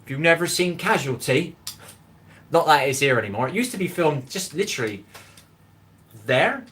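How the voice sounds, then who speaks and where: A middle-aged Englishman with a Bristol accent chats with his audience while cooking live in his home kitchen, reading out the chat and greeting people by name. His voice is a little high, expressive and a bit bright, at normal speed.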